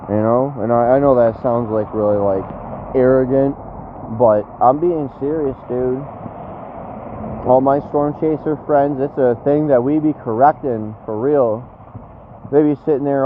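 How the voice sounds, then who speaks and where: A man's voice: mid-range voice, fairly even intonation, measured pace. A man chatting casually on a live stream, brash and slangy, swearing freely. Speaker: storm chaser streaming live. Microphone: phone. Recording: tinny phone-like audio with faint noise.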